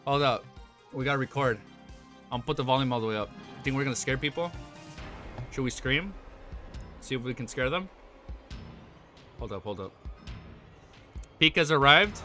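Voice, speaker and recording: A man's voice: a little high, animated, moderate pace, long pauses, sharp tone, faint music behind. A young man live-streaming in casual chat, hyped up, swearing often and rambling with restarts.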